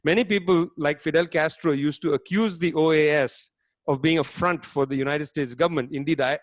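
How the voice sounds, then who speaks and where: Man, fairly high voice, emphatic sardonic lecturer, dry slightly dull online audio. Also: no echo. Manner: sardonic, emphatic, asks the audience rhetorical questions. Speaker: speaker giving a political lecture. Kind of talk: animated lecture talk. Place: online talk, home setup.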